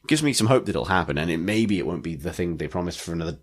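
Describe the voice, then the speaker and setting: A man's voice: sits low, animated, rapid-fire. A man co-hosting a gaming podcast, talking in a rambling casual way full of "like" fillers. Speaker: podcast co-host. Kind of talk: casual chat.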